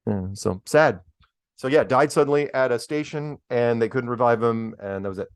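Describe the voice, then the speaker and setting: A man's voice: mid-range voice, normal speed, smooth, no echo, clean studio sound. A man hosting a casual livestream chat, telling stories in a rambling way with chuckles, restarts and mild swearing. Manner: swears mildly, drawls "man" and "right?". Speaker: host.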